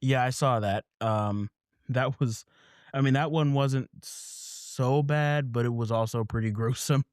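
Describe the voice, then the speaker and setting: A man co-hosting a casual talk about comics, reacting with wry quick asides. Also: mid-range voice, clean tone, no room sound, studio quality. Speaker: podcast co-host.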